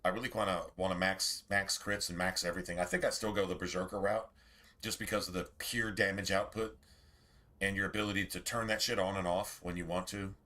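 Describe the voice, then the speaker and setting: A man streams a game and chats casually with viewers in a low, steady, sharp voice at a brisk pace. He rambles, swears freely and talks straight to chat.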